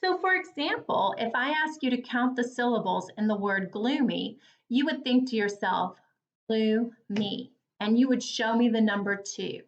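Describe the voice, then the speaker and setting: A woman teacher leading a phonics lesson for young children, speaking slowly and clearly with an encouraging tone. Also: fairly high pitch, animated, muffled recording. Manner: slow, clear, encouraging, over-articulated.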